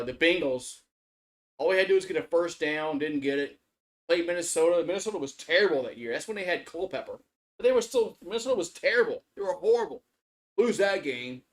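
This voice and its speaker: Rambling, fired-up man calling a game. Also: on the high side. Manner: rambling, repetitive restarts, swearing, gets worked up. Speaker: sports streamer doing live play-by-play. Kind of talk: casual live play-by-play and reaction.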